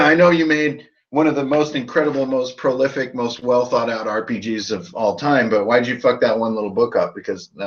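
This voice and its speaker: A man's voice: medium pitch, a bit bright. Tipsy, profane man on a lo-fi stream. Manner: loose, profane and rambling. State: tipsy from drinking. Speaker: host of a tabletop RPG channel. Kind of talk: casual live-stream chat. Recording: dull lo-fi sound.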